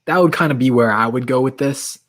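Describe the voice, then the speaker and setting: A man's voice: medium pitch, fairly quick. A man hosting a late-night livestream, chatting casually with viewers and reading their comments aloud while his voice is getting worn. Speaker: livestream host.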